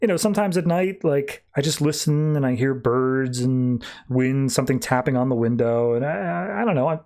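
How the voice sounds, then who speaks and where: A man's voice: medium pitch, lively intonation, normal speed, a little mellow, lightly acted. An amnesiac rich man who fumbles through small talk, hesitant and rambling, as a man reads him out on a podcast. The voice sits in a middle range and is casual. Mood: awkward.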